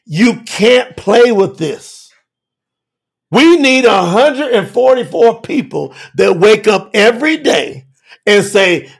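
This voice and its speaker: A man preaching a sermon with emphasis, moving between shouted lines and quiet low asides. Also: sing-song, slow, creaky, slightly rough.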